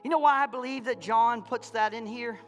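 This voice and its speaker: A man pastor preaching a sermon in a church, folksy, calling out to his congregation, swinging from loud fervor to quiet intensity. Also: very high voice, normal speed, faint music behind. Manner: impassioned, rising to shouts and dropping to quiet. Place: church sanctuary.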